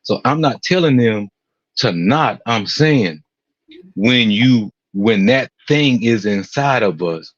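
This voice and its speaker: A man's voice: medium pitch, breathy edge, no room sound. An older man in casual chat, speaking earnestly and with emphasis, often repeating himself. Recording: muffled dry sound.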